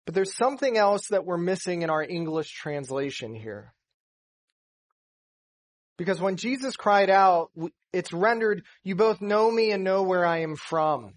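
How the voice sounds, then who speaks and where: Male pastor, sermon, slightly high-pitched, earnest, grows emphatic, church setting. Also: expressive, unhurried.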